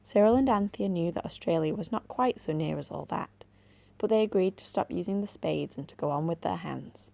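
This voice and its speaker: Low, gravelly English woman reading a storybook. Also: a little fast, mellow. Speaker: library assistant. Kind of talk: storybook read-aloud.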